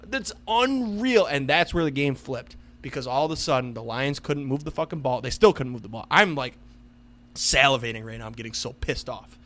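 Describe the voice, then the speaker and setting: A man's voice: medium pitch, normal speed, a bit bright. A young man co-hosting a casual sports podcast, ranting heatedly with lots of swearing. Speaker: podcast co-host.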